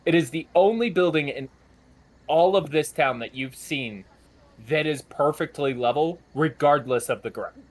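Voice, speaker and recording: A young man narrating a tabletop game as game master, in a slow, halting way. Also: on the high side.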